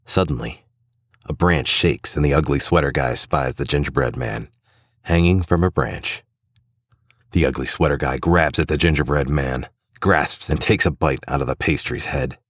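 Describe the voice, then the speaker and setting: A man narrating a storybook tale in a steady, even storytelling manner. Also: rumbling low, normal speed, no echo, clean studio sound.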